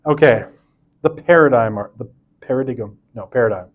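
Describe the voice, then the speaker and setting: A man's voice: medium pitch, lively intonation, moderate pace, dull audio. A man giving a recorded university lecture in a casual, chatty way. He keeps checking in with "right?" and breaks off for asides and restarts. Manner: self-interrupting, with asides and restarts.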